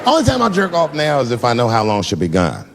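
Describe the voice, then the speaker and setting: A middle-aged man on a comedy stage, spinning a story in a loose, easy way and slipping into the voices of the people he quotes. His voice sits at a medium pitch, and the recording is a noisy live stage capture. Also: wildly swooping pitch, quick pace, a crowd in the background. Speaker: stand-up comedian. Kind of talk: stand-up comedy routine. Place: comedy stage before an audience.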